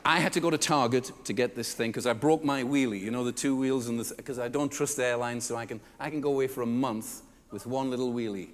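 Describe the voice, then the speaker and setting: A man's voice: fast, hardly any pauses, a little hiss or hum. A man giving a comedic storytelling talk to a live audience, acting out the people in his stories with big jumps in his voice. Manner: animated, acts out customers and staff with big pitch jumps. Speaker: keynote speaker. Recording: reverberant hall.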